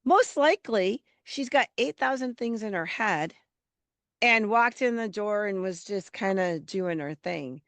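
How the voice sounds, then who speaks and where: A woman's voice: mid-range voice, measured pace, no room sound. Chatty woman host with a head cold. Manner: chatty, animated storyteller. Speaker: podcast host. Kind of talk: podcast conversation.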